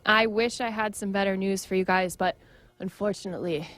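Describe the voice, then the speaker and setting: A woman's voice: medium pitch, steady tone, brisk, fairly bright tone. A woman field reporter giving a playful live news report from an indoor haunted attraction, joking that she has become a ghost.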